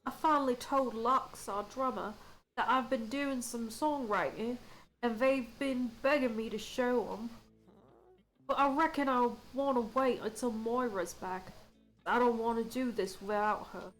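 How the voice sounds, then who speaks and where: Nervous young musician voiced by a woman; put-on accent, higher voice, with soft music under it. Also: measured pace, lightly acted, low-quality recording. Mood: hopeful. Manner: a put-on accent she is trying out. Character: young male band musician, scatterbrained, nervous about his songs. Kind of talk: reading game dialogue aloud.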